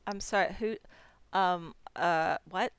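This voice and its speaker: A woman's voice: fairly low pitch, takes it slowly, clean tone, no echo. A woman playing a tabletop game, confused at times, swearing and muttering her dice math. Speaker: player. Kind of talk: casual tabletop play.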